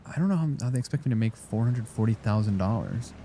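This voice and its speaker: Male streamer, lower register, loose jokey rambling to chat between game moments. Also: animated, fast talker, mellow, a little hiss or hum. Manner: rambling, joking, talks to chat. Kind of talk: casual live-stream chat while gaming.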